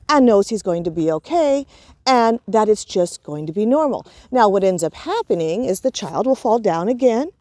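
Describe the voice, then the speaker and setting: A woman teaching in a relaxed, conversational way, her voice mellow and warm. She leans on fillers like "you know" and "right" and acts out gentle talk to a child as she explains. The sound is dry and close, with no room around it. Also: mid-range voice, dry recording. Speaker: parenting and emotions teacher. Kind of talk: informal spoken lesson.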